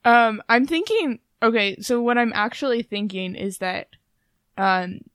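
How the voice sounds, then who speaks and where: A woman's voice: a little high, animated, fairly bright tone, clean tone, dry recording, clean studio sound. A young woman co-hosting a casual chat, laying out her theories about song lyrics step by step. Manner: measured, explains theories step by step. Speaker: podcast co-host.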